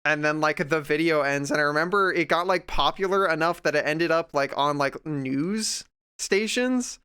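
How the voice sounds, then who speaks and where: A man's voice: on the high side, moderate pace, bright, forceful tone, clean tone. A young man streaming while drawing, chatting casually and ranting sarcastically at a desk microphone. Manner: sarcastic, ranting, mocking voices of others.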